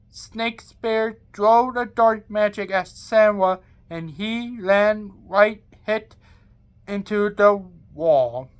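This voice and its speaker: A woman narrating her own fantasy story aloud in plain, halting sentences with grammar slips. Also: medium pitch, clear, resonant tone. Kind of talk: amateur read-aloud of an original fantasy story.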